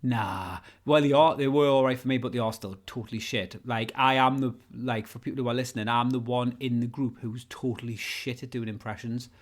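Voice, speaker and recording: Joking sweary podcast host. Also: male voice, mid-range voice, fairly even intonation, brisk, hardly any pauses. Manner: joking, sweary, laughs often. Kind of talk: casual banter.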